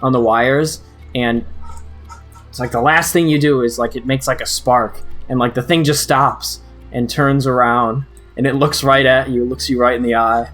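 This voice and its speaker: A man of middle pitch runs a tabletop game, describing scenes in a loose, rambling way full of fillers. Faint music plays in the background. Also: steady tone, moderate pace, fairly bright tone. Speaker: game master.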